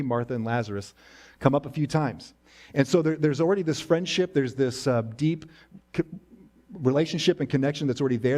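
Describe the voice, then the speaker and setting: A male pastor with a slightly high voice preaches a sermon in a church. His delivery is conversational, climbing into lively paraphrase and then falling to a quiet, low hush to land his key points. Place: church sanctuary.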